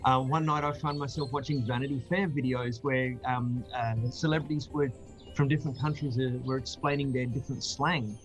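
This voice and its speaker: A man's voice: mid-range voice, steady tone, fairly quick, faint music behind, low-quality recording. A man from Australia with an Australian accent, chatting casually as a guest on a video call, laughing easily and restarting often. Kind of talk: casual chat.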